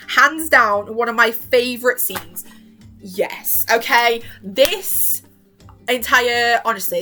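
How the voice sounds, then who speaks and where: A young woman rambling excitedly as a vlogger, gushing and emotional, dropping into a soft voice to quote characters and breaking into squeals. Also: fairly high pitch. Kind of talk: excited fan rambling about a TV series.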